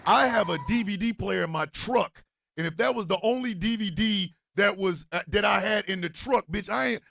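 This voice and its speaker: A man tells a comic story. His voice is high and gravelly, and his pitch leaps all over. The sound is close and dry. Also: moderate pace, no echo. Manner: animated, swings from low mutters to loud outbursts. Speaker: podcast host telling a story. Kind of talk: comedic storytelling monologue.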